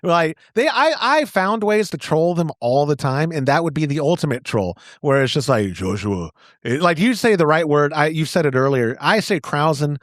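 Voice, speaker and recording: A man's voice: fairly high pitch, expressive, normal speed, dry recording, studio quality. A man with a Texan accent hosting a podcast in casual chat, joking and teasing his co-host. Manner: joking, playful, self-mocking.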